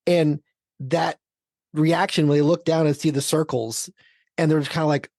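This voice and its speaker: A man's voice: on the high side, fairly even intonation, normal speed, darkish tone, no echo, studio quality. A man hosting a casual podcast chat, recapping scenes in a loose, rambling way. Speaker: podcast host.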